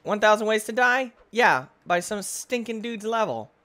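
Excitable, goofy man yelling over a game. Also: high-pitched, normal speed. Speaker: gaming YouTuber. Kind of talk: let's-play game commentary.

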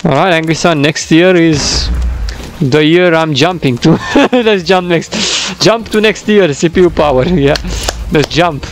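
A young man doing rambling voice-over commentary on his own gameplay, laughing often and getting loud when excited, recorded at his home computer. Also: a little high, unhurried, slight background noise, poor audio. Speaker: gaming YouTuber. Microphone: desktop microphone.

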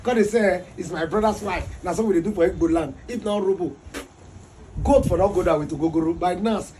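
A man's voice: sits high, brisk, warm tone, slight background noise, low-quality recording. A man with a Nigerian accent delivering a preachy, repetitive comic rant, often breaking into laughter. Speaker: comedy skit host.

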